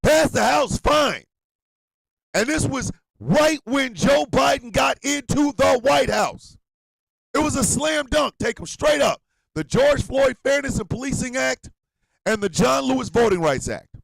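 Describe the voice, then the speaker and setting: A man hosting a radio show, ranting loudly and profanely, swinging between shouting and low muttering. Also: animated, unhurried, gravelly, no echo. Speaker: host. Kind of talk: ranting commentary.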